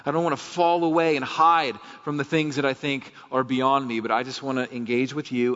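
An earnest male pastor preaches with fervor and keeps asking his congregation rhetorical questions. His voice sits at an average pitch and carries a long reverb from the sanctuary. The recording sounds dull and lo-fi. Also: little pitch movement, a little fast, few pauses, fairly bright tone. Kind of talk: sermon. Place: church sanctuary.

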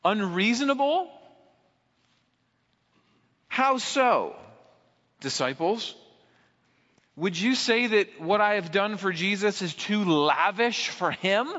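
A man's voice: high voice, animated, slow, pauses often, a bit bright, pitched above the performer's own voice, heavily acted. A man preacher voicing a woman who indignantly defends her lavish gift, pressing pointed, incredulous questions. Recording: echoey hall, dull lo-fi sound.

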